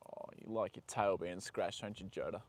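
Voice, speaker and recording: A young man live-streaming from a horse paddock, chatting with viewers and talking softly to his horse. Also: sits low, moderate pace, creaky, dry recording. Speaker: livestream host. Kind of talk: casual live stream chat.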